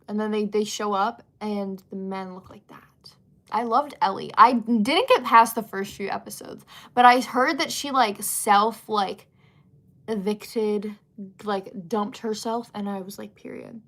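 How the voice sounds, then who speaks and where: A young woman hosts a livestream in a medium-pitched, slightly bright voice. She chats casually and reads out viewer comments, with lots of fillers and giggly asides.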